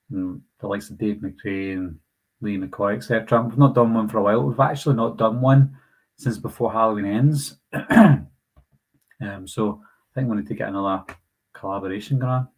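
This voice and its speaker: A man's voice: lowish voice, husky, poor audio. A young man with a Glasgow accent, hosting a casual live Q&A and answering viewer comments in a chatty, apologetic way. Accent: Scottish, Glasgow. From Scotland. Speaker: channel host answering live chat.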